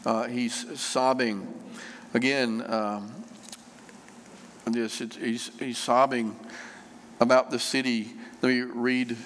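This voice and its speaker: A man preaching a sermon, unhurried and conversational, with frequent fillers and repeated phrases. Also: mid-range voice, level tone, a bit bright, a little hiss or hum. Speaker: pastor. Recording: long reverb of a church hall.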